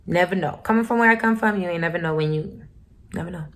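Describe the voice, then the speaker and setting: A woman's voice: lowish voice, quick pace, a bit bright. A young woman telling a story to her channel in a candid, profane and emphatic way. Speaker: vlogger. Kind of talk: casual storytime.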